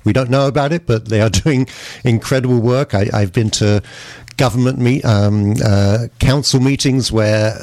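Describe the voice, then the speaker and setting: A man hosting a community radio interview, speaking haltingly with many fillers and restarts and praising his guest effusively. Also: medium pitch, a little mellow, dry recording. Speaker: radio host.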